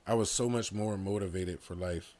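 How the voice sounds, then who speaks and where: A man speaks as a podcast guest in a very deep, low voice. He talks openly and with feeling, drifting through loose casual phrasing as he tells a personal story. He sounds young. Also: moderate pace, a little mellow. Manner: candid, heartfelt storytelling with frequent "like" fillers. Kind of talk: casual conversation.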